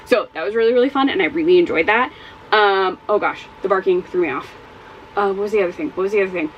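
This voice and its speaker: A woman's voice: mid-range voice, quick pace, muffled recording, slight background noise. A woman chatting casually in a reading vlog at home, rambling and exclaiming, repeating her points. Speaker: book vlogger. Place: home with dogs.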